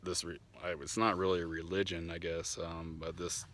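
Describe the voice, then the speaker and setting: A man telling the story of his spiritual journey to a camera outdoors. He rambles with fillers and restarts, laughs often, and grows animated when he is annoyed. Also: low-pitched, moderate pace. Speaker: vlogger sharing spiritual testimony. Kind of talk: casual personal storytelling to camera. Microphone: camera mic.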